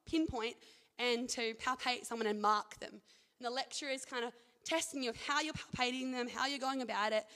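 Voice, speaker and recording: Speaking briskly in a fairly high, fairly bright voice, a young adult woman offers her faith testimony along with scripture reading. She's chatty and earnest, full of "like" and "I think," and the hall gives her words a long, ringing reverb.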